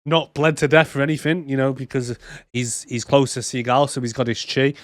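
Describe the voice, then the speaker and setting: A man's voice: medium pitch, level tone, fairly quick, no room sound, clean studio sound. A man co-hosting a film podcast, casual and joking, acting out scenes in silly voices. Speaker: podcast co-host. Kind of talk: casual film review chat. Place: home office.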